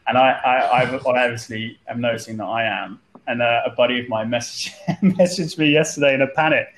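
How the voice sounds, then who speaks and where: A man's voice: mid-range voice, a little fast, poor audio. A man telling stories in a casual group chat, often repeating words as he starts a phrase. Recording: light background noise.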